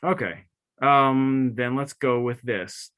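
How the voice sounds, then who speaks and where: A man competing in a spelling bee over a video call, thinking out loud and second-guessing himself before spelling. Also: medium pitch, slow, clean tone. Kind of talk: spelling aloud in a contest.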